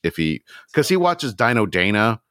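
A man's voice: on the low side, big pitch swings, moderate pace, fairly bright tone, dry recording, studio quality. A man in his thirties co-hosting a casual podcast, easygoing and hesitant, with many fillers. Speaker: podcast co-host. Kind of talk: casual chat.

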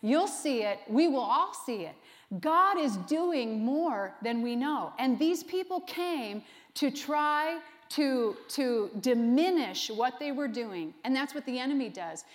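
A woman pastor preaching a sermon with an animated style and frequent laughs. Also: sits high, takes it slowly, long reverb tail.

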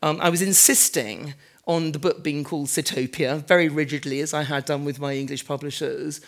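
A woman's voice: sits low, steady tone, fairly quick. Chatty woman giving a live lecture. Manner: chatty and self-deprecating, with many "um"s and asides. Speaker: architect and author giving a lecture. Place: large former fruit warehouse event space.

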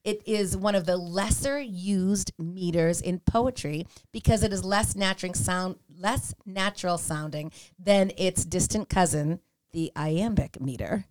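A middle-aged woman co-hosts a relaxed podcast conversation about hymns, reading from her notes as she earnestly explains the poetry. Her voice sits fairly low, with a darkish tone and a measured pace.

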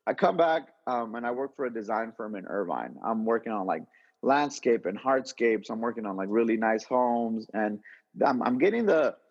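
A man's voice: medium pitch, animated, normal speed, breathy edge, big-room sound. A man being interviewed, casually telling a long story with lots of restarts and slang. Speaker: interview guest, entrepreneur. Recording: dull lo-fi audio.

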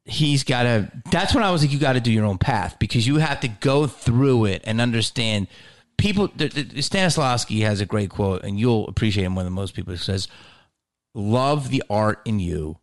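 A middle-aged man hosting a podcast, telling a profane, animated story in casual chat and acting out the quoted lines. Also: mid-range voice, brisk. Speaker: podcast host.

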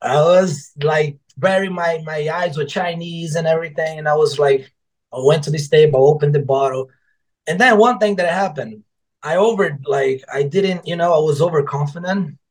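A man with a fairly high voice tells a story in casual chat. He is animated, swears freely and acts out his own quotes. His has a turn. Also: normal speed, low-quality recording. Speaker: guest author and former server.

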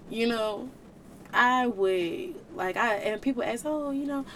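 Slow and fairly high-pitched, a woman hosts a faith podcast, delivering an emotional, earnest message with a preaching tone and casual slang. Sometimes she's close to tears, and a little hiss or hum sits under her voice.

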